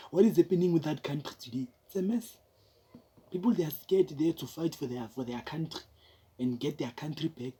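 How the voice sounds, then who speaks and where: South African male commentator, rambling delivery, slightly high pitch, mellow tone. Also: slightly rough. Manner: rambling, restarts, mixes in local words. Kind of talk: casual commentary.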